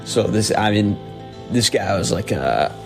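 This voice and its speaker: A young man telling a personal story in a halting way, with nervous laughs. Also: lowish voice, lively intonation, vocal fry, over music.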